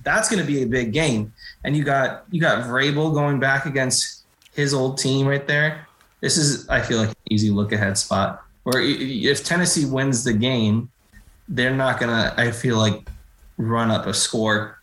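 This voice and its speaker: A man's voice: medium pitch, normal speed, a bit bright, reverberant. A man co-hosting a podcast, chatting casually about football with dry jokes. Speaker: podcast co-host. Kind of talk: casual sports chat.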